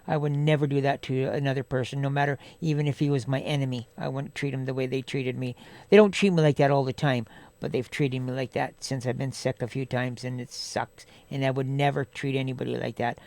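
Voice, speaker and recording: A man's voice: mid-range voice, flat delivery, a little fast, vocal fry, darkish tone. A man talking casually and bluntly as a podcast guest, swearing a lot and filling his talk with "right?". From Canada. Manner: blunt, heavy swearing, many fillers. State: undergoing chemotherapy. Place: podcast studio.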